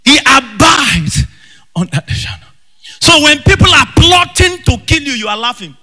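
A man preaching a fervent sermon, shouting in bursts and breaking into tongues. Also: very high-pitched, big pitch swings, normal speed. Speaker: pastor. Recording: long reverb with faint music.

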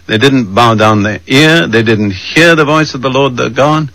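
A man preaching a sermon, measured and emphatic, slowing down to read scripture verses aloud. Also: mid-range voice, a bit bright, no echo, low-quality recording.

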